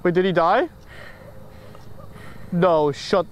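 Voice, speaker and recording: A young man streaming a game over voice chat, goofy and excitable. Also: sits high, a little fast. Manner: goofy and excitable, laughs and shrieks easily. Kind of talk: gaming voice chat.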